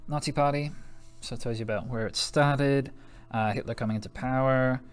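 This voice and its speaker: A man's voice: medium pitch, fairly even intonation, a little fast, clear, resonant tone. A young American man teaching a history lesson in a chatty, joking way, laughing often and dropping slang asides. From United States. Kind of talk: recorded classroom lesson.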